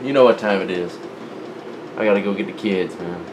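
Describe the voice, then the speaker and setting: A man's voice: sits low, fairly quick, noisy background. Laid-back teasing man. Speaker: host. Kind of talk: casual chat.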